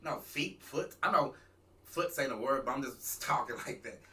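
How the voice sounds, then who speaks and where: A man, a talk show host, telling a rambling, animated story in a casual talk-radio monologue. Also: mid-range voice, normal speed, far from the mic. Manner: rambling, animated, restarts and asides.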